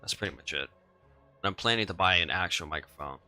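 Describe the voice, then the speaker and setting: A young male gaming streamer talks casually to his viewers through a headset mic. His voice sits deep, with a crisp, bright edge. He rambles, repeats himself and chuckles now and then, over faint game music. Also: a little fast, low-quality recording. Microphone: gaming headset microphone.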